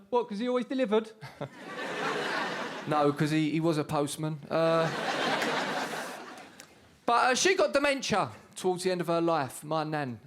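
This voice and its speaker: A young English comic with an Essex accent and a slightly high voice performs a stand-up set on a comedy studio stage, a live audience watching, with background noise in the recording. His cheeky storytelling hits punchlines and features shouted put-on voices.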